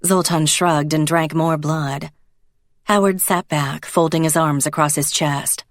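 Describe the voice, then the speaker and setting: Low-voiced woman narrating an audiobook. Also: flat delivery, a little slow, no room sound, clean studio sound. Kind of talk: scripted narration.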